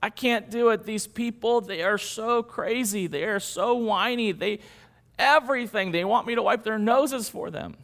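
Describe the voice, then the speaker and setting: A man's voice: sits high, normal speed, a bit bright, pitched above the performer's own voice. A preacher acting out a worn-out male leader who has reached the end of his patience, complaining in pleading outbursts. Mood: exasperated. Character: exasperated aging male leader at wits' end.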